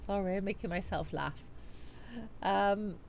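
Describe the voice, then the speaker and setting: A woman's voice: medium pitch, unhurried, vocal fry. A woman hosting a casual live chat stream. She talks in a chatty way, reading out viewer comments and answering them, and she laughs at her own jokes.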